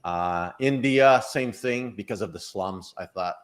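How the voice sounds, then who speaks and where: A man's voice: lowish voice, a little slow. A man co-hosting a casual chat show, rambling and breaking off mid-sentence. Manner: rambling, self-interrupting, laughs at own jokes. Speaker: psychic co-host.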